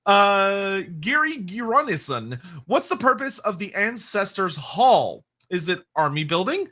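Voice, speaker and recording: A man with a high, bright voice chats casually on a livestream, taking questions from the chat. He talks fast and often stops to correct himself, laughing between answers. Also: big pitch swings. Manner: quick, digressive, laughing, self-correcting.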